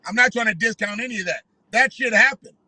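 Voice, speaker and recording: Brief: a high-voiced male commentator, heated and profane, sharp tone. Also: quick pace, no echo, rough recording. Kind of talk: ranting commentary.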